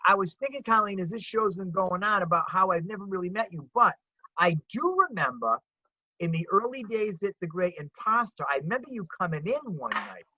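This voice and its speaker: A man, a comedian, chatting eagerly on a video call, repeating words as he warms up to a point. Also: high-pitched, dry recording. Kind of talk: casual video chat. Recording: dull lo-fi video call audio.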